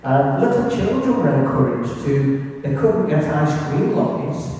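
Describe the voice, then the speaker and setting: An Englishman with a fairly high, warm voice gives an illustrated local history talk, very animated yet unhurried, chatty and full of anecdotes and asides to the audience. It's recorded from far off in an echoey hall.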